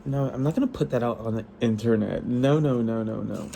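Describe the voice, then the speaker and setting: A tired man chatting casually about a book he is reading, rambling and excitable, with frequent restarts and swearing. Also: mid-range voice, fairly quick, creaky, slight background noise, low-quality recording. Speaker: book vlogger.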